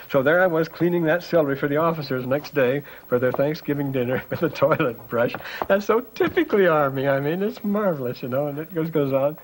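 A man's voice: fairly high pitch, a little fast, hardly any pauses, poor audio. An older man animatedly recounting his wartime memories in an interview, chuckling as he tells them. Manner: animated storyteller, chuckles while talking. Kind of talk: reminiscing war stories. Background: music score.

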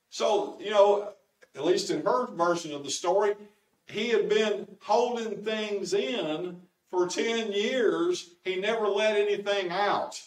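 A pastor with a high voice, delivering a homespun sermon full of jokes and stories. The sound is roomy and echoes through a church. He sits some distance from the microphone. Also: slow. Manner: homespun, storytelling. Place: church sanctuary.

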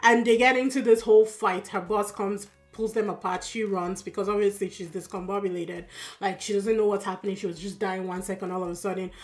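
A woman with a Yoruba-accented lilt talks through a drama episode in a loose, chatty recap. She sounds tired but stays expressive, with plenty of fillers and asides along the way. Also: mid-range voice, fairly quick, faint music behind. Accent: Yoruba-accented English. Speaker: drama reaction YouTuber. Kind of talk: casual recap.

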